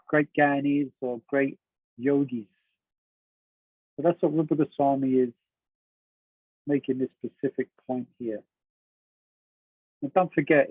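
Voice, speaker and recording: With a husky, mid-range voice, a man leads a relaxed class on a devotional text, putting questions to his students and laughing a lot. The sound is dry and narrow, phone-like, with no echo.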